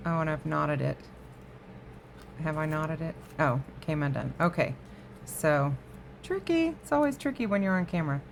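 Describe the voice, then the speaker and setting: A woman's voice: low voice, animated, normal speed, vocal fry, a little hiss or hum. A woman hosting a crafting vlog from her home craft room, chatting casually to viewers and easily sidetracked. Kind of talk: casual show-and-tell chat.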